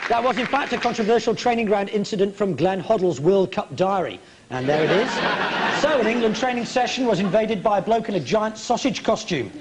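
A man hosting a comedy sports quiz, reading jokes in a wry, deadpan way. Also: high-pitched, brisk, over a noisy crowd, heavy background noise. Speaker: quiz show host. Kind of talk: dry comic quiz hosting. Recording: TV studio with loud audience laughter. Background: studio audience laughing.

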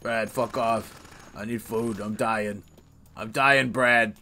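Man, gameplay commentary, profane, excitable, bright tone. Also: on the low side, slow pace, a little hiss or hum. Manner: profane, excitable, trash-talking the game. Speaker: let's play host.

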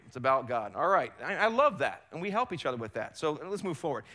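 A pastor preaching live in his church, his voice a touch high and very bright. He presses his points hard, then drops low and soft before building up again. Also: big pitch swings, fast talker, few pauses. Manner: emphatic preaching, rising and falling in force. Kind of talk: sermon. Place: church sanctuary.

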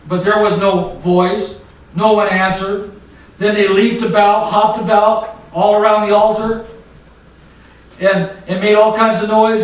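A man preaching a fiery sermon, swinging from loud mocking shouts to low, intense warnings. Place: church hall. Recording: echoey church hall mic from a distance.

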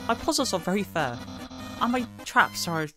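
A woman voicing a loud, boastful male skeleton with bombastic, shouted proclamations while reading game dialogue in a let's play, music playing behind her. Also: mid-range voice, very animated, normal speed, natural voice. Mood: grandiose.

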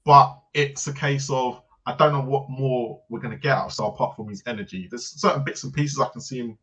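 A man co-hosting a casual football debate, chatty and quick to laugh. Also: medium pitch, a bit bright, rough recording. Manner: chatty, laughs often, agreeable. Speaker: football podcast co-host.

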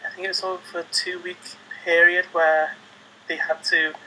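A man's voice: high voice, little pitch movement, normal speed, bright, forceful tone, slight background noise, low-quality recording. A man hosting a gaming channel, chatting casually over gameplay, hesitant with many fillers and restarts.

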